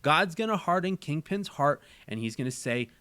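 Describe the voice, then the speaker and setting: Pitched fairly high, the man's voice has lively intonation, a sharp tone and normal speed, with no echo. He's a channel host in a casual chat, earnestly thinking aloud and repeating phrases.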